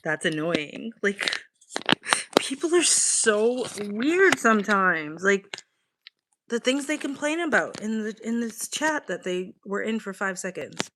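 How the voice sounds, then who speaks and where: A woman's voice: medium pitch, sing-song, slow pace, a bit bright, a little hiss or hum. A young woman chatting casually on a livestream from home, swearing freely and reading the chat aloud. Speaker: live streamer. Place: home, evening.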